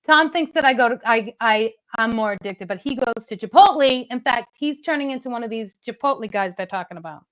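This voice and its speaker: A woman's voice: a little high, lively intonation, fairly quick, hardly any pauses, low-quality recording. A middle-aged woman, a comedian co-hosting, rambling and laughing as she bickers with her husband. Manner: chatty, giggly, rambling storytelling. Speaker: comedian co-host. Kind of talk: comic bickering chat.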